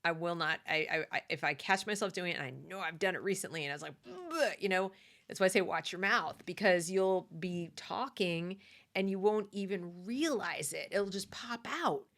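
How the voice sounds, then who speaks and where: A woman's voice: fairly low pitch, moderate pace, fairly bright tone. An American woman living in the South gives a conversational, opinionated monologue with fillers and restarts. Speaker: commentary host.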